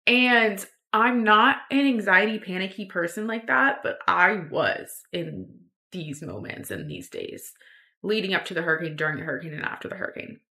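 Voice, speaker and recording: A woman's voice: mid-range voice, expressive, moderate pace, bright, forceful tone. A young woman telling a personal story on her podcast, rambling with lots of fillers and restarts. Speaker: podcast host.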